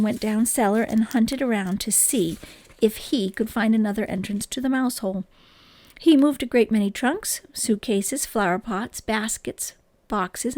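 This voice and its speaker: A woman reading a children's book aloud in an expressive, gentle storytelling manner, close to the microphone. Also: on the high side, no echo.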